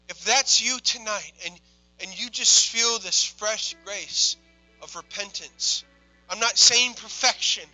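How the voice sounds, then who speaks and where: A young man preaching a sermon, telling a personal story quietly, then building to loud, impassioned preaching. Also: high-pitched, slow pace, faint music behind, low-quality recording.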